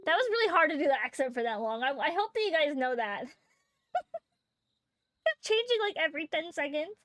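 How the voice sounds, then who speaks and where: A woman streamer chatting through a game in a quite high voice. She sounds animated and talkative, laughing easily and correcting her own slips. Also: fairly quick, pauses often, faint music behind. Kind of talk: casual gaming commentary.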